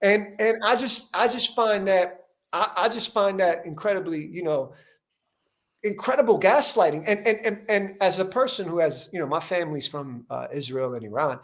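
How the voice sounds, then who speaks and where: A man's voice: high voice, normal speed. A man hosting an interview, talking emphatically with frequent restarts and rising intensity as he gets worked up. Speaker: podcast host interviewing a politician. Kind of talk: heated conversational interview.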